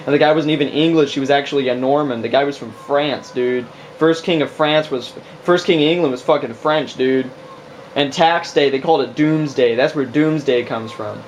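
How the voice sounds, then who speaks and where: A young American man in casual chat, ranting loudly and swearing often. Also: medium pitch, moderate pace, slight background noise. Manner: ranting, profane, fired up.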